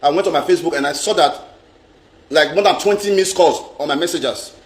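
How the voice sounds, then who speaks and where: Nigerian man, high pitch, emphatic live-stream vlogger, echoey room. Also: fairly quick. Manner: emphatic, repeats phrases, mixes in pidgin. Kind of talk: casual live-stream rant. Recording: roomy echo.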